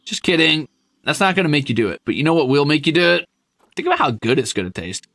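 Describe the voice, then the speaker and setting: A man streaming a zoo-building game, chatting casually with his viewers, animated and self-mocking, swearing freely. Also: medium pitch, quick pace, dry recording.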